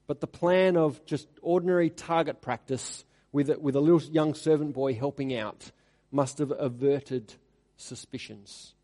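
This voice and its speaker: A man delivering an expository sermon in a fairly high, mellow voice. He reads the scripture passages with rising emphasis, then drops to a quiet, confiding tone for his asides, and his words trail into a long hall reverb. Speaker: preacher.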